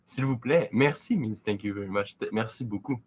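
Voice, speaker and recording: A man's voice: on the low side, brisk, a little hiss or hum. A man from Quebec chatting as co-host on a casual live stream, joking and laughing often.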